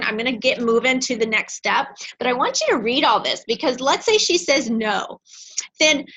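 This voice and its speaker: Bright, energetic middle-aged woman trainer. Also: sits high, slightly rough. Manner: energetic, emphatic, dramatizes phone scripts. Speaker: direct-sales trainer. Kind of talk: motivational training class. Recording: dull lo-fi recording.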